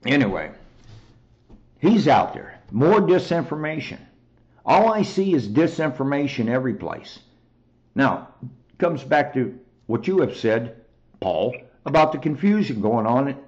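A man's voice: medium pitch, very animated, a little slow, pauses often, a little mellow, dull audio. A man hosting a talk show, delivering an angry, profane monologue straight to his listeners. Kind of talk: heated monologue.

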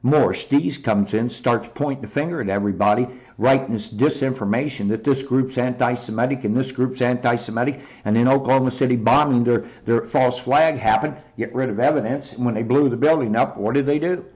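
A man's voice: medium pitch, brisk, few pauses, a little mellow, muffled recording. A man hosting a talk show, delivering an angry, profane monologue straight to his listeners. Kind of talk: heated monologue.

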